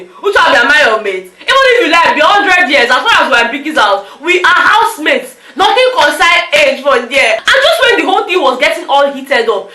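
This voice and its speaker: A young Nigerian woman vlogger recapping reality-show drama, animated and slipping into pidgin. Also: sits high, slight background noise. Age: young adult. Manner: animated, slips into pidgin, acts out quotes. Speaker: entertainment vlogger. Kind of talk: excitable gossip recap. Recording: roomy echo.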